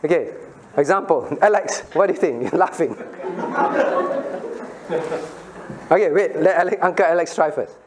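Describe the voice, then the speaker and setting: Playful high-voiced pastor teaching kids. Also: male voice, unhurried, long pauses, over a noisy crowd, heavy background noise. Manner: playful, questioning, laughs often, acts out scenes. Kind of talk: children's Bible lesson Q&A.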